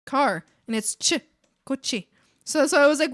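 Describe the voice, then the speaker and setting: A woman streamer chatting with her viewers as she draws, her voice sitting a touch high. She rambles with lots of fillers, pokes fun at herself and gets excited easily. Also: normal speed. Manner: chatty, full of "like" and "um" fillers, self-deprecating; excitable, bursts into giggles. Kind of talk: casual chat with viewers while drawing.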